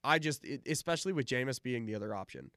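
A man's voice: mid-range voice, expressive, fast, fairly bright tone, no room sound, clean studio sound. A man co-hosting a casual sports podcast, agreeable and rambling, often restarting his sentences.

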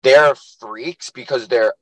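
A young man co-hosting a casual podcast, an animated storyteller who acts out the quotes in his anecdotes. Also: mid-range voice, slow pace, no room sound, rough recording. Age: young adult. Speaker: podcast co-host and youth lacrosse coach. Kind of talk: casual chat.

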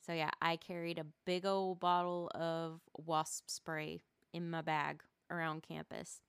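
A woman's voice: low-pitched, level tone, measured pace, clear, resonant tone, no room sound. A woman hosting a casual solo podcast from her rural home, rambling and often stumbling over her words and restarting. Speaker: podcast host.

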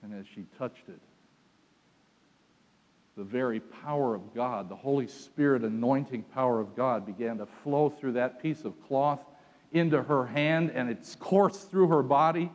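A man preaching a sermon, telling the story dramatically and swinging from hushed lines to loud ones. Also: medium pitch, a little slow, long reverb tail.

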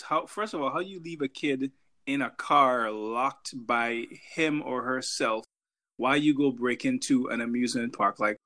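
A man's voice: medium pitch, a bit bright. A male podcast co-host chats casually, joking and wandering through his thoughts. He keeps breaking up his sentences with filler words and restarts. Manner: joking, rambling, many fillers. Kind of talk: casual chat.

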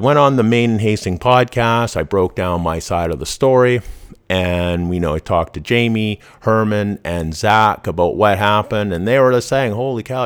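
A man talks through a casual podcast monologue, his voice sitting fairly low. He is blunt and profane and often restarts his sentences. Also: clean tone. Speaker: podcast host.

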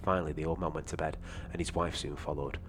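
A man reading a short story aloud in a steady, measured way. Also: rumbling low, background noise.

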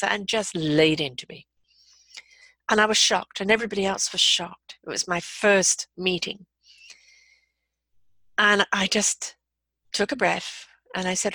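A middle-aged woman telling a personal story and giving calm, earnest life advice. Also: mid-range voice, moderate pace, dry recording. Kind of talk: motivational talk with personal story.

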